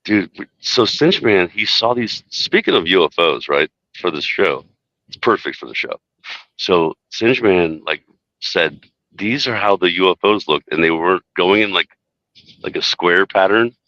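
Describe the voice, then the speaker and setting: A man's voice: sits low, expressive, unhurried, sharp tone, no echo, highs cut off. A man telling rambling stories in a casual podcast chat, full of "dude" and "like". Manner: rambling storyteller, says "dude" and "like" a lot.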